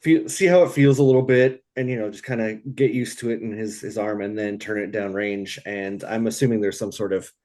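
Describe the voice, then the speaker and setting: A man's voice: on the low side, steady tone, a little fast, few pauses, a little mellow. A man playing a tabletop game, thoughtful and loose, with lots of "like" and "you know". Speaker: player. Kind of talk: casual tabletop play.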